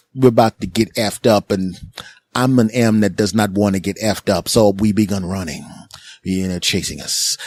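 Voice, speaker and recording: A middle-aged man from Philadelphia rants through a comedic story on his podcast and lurches into mocking voices for the people he quotes. His voice sits at a middling pitch. The recording is close and dry, with no room sound. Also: a little mellow, no echo. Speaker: podcast host. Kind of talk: casual comedic monologue.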